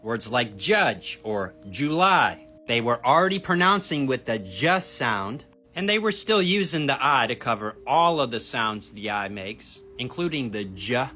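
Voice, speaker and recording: Dude lecturing his viewers, punchy and insistent, bright forceful voice, pitch bouncing all over. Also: sing-song, a little slow, faint music behind. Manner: emphatic, argumentative, addresses viewers directly. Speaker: video teacher on Bible topics. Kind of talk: explanatory commentary video.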